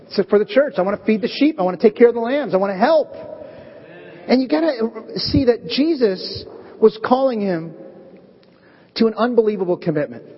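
A man preaching a sermon as pastor, animated and acting out bits of dialogue in different voices. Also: high voice, breathy edge. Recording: echoey dull hall recording.

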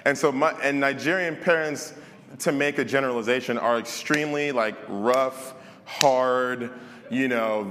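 A man's voice: mid-range voice, moderate pace, fairly bright tone. Man preaching in a reverberant hall. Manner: candid and conversational, sharing a personal story. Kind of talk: sermon.

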